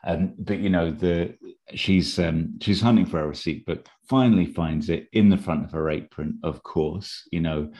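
A low-pitched, slightly mellow male voice at normal speed belongs to a podcast co-host. In casual conversation he pitches an episode idea, rambling along with many fillers and restarts.

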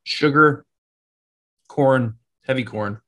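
A man's voice: mid-range voice, slow pace, sharp tone. A man co-hosting a casual podcast, chatting about football and tasting whiskey in a laid-back, loose way with plenty of fillers. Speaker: podcast co-host.

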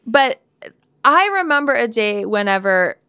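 A woman in her forties teaches from the Bible in a candid, storytelling way, laughing at herself and wandering into asides. Her voice is smooth and clear, sitting a little high. The studio sound is close and dry. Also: animated, a little slow, bright, forceful tone, no echo. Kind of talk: devotional Bible teaching talk.

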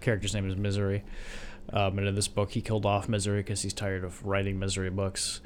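Animated young man retelling a film. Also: low-pitched, fast talker, slight background noise. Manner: animated storyteller, mimics characters. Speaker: podcast co-host. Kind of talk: casual movie discussion.

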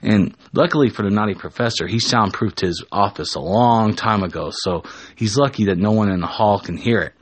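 A man with a low, husky voice narrates an improvised story in a relaxed, casual way. He often restarts and corrects himself mid-sentence, and his voice sounds dry and close to the mic. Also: normal speed, no echo. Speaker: storyteller and show host.

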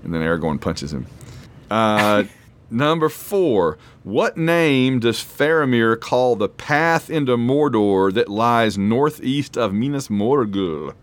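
A man's voice: medium pitch, expressive, slow, a little hiss or hum. A man hosting a casual trivia quiz, rambling and self-deprecating as he reads questions and reacts. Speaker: quiz host.

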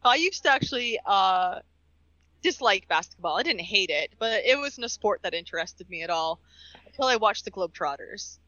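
Bright, sharp-voiced co-host, blunt talker; slightly dull audio. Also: medium pitch, animated, normal speed, dry recording. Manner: blunt, swears casually. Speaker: podcast co-host. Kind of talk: casual podcast chat.

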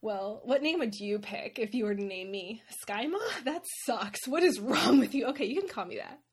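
A woman's voice: medium pitch, lively intonation, normal speed, husky. A woman voicing a vain, haughty female dragon who talks down to a human. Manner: imperious, scornful.

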